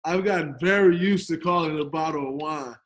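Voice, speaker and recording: Laid-back high-voiced man guesting. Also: brisk, fairly bright tone. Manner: laid-back, joking storyteller. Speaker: podcast guest, pro basketball player. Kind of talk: casual remote interview chat. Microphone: video call.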